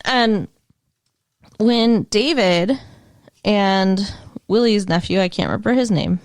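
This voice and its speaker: A woman's voice: mid-range voice, takes it slowly, no room sound. A woman co-hosting a podcast, retelling a TV plot in casual chat, laughing often and swearing bluntly. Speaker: podcast co-host. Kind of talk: casual chat recapping a TV episode.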